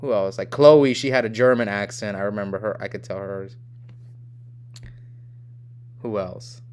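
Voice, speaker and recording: A man's voice: fairly low pitch, steady tone, unhurried, darkish tone, a little hiss or hum. A young man from the United States hosting a live game stream, chatting casually and reading viewer comments aloud in a rambling way. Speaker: livestream host.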